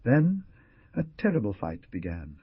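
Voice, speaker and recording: Guy reading a western audiobook, kinda husky, bouncy pitch, dry lo-fi sound. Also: unhurried, no room sound. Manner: expressive storytelling. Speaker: audiobook narrator. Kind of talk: scripted narration. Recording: dull dry lo-fi.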